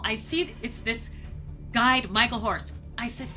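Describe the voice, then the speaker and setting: Brief: American woman explorer, middle-aged, bright and a bit high voice, lively storyteller. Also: normal speed, soft background music. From United States. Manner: vivid, acts out quoted moments. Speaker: guest, polar explorer. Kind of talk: storytelling interview.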